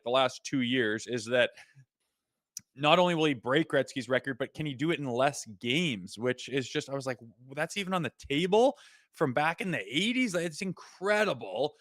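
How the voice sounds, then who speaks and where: A man's voice: mid-range voice, moderate pace, no room sound, clean studio sound. A Canadian man in his thirties, a former player co-hosting a casual hockey podcast, telling stories and acting out what people said. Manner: animated storytelling, acts out quotes. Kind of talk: casual sports podcast chat.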